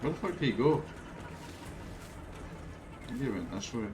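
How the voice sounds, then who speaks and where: Swearing gamer man with lively pitch. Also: measured pace, heavy background noise. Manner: swears often, erupts into loud frustrated outbursts. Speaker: gaming video creator. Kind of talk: live gameplay commentary.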